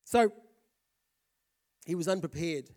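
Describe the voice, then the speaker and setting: A pastor who grew up in Fiji, giving a lively, conversational sermon and often checking in with listeners. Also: male voice, fairly high pitch, slow pace. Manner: lively, conversational, often asks the crowd "right?".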